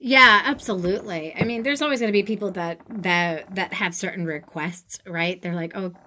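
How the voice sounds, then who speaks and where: A woman hosting a casual interview over a video call, enthusiastic and animated, with lots of fillers. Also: medium pitch, normal speed, slight background noise. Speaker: host, tutoring business coach.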